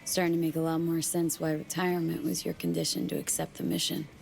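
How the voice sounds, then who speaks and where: A gravelly, deep-voiced female ex-corporate agent. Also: level tone, quick pace, a little mellow, soft background music. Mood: cool. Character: ambitious female former corporate agent, self-assured. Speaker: video game character. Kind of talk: video game dialogue.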